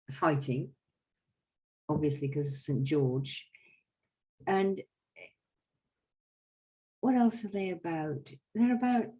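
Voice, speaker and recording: A woman's voice: on the low side, poor audio. A woman host telling about folk customs in a chatty, wry way. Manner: chatty, wry asides, lively explanations. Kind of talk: casual storytelling talk.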